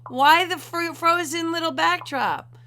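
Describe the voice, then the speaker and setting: A woman hosts a casual livestream from home, chatting and giggling while fumbling with her tech setup. Her voice is extremely high with a sharp tone, and she speaks unhurriedly.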